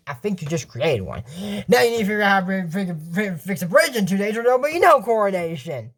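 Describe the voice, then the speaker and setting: A man's voice: high voice, sing-song, brisk. A young man casually recapping a cartoon episode, rambling with restarts and laughing at his own jokes.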